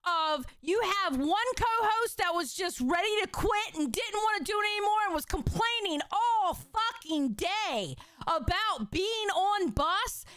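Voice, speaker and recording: A woman's voice: very high-pitched, lively intonation, a little slow, hardly any pauses, fairly bright tone. A woman hosting a casual commentary, reacting bluntly and with lots of swearing to stream clips. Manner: blunt, profane, exclamatory.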